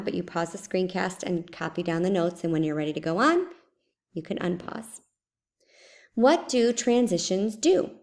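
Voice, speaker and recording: Woman teaching in a screencast, low-pitched. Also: darkish tone. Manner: explains step by step, repeating example sentences aloud. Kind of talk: screencast lesson.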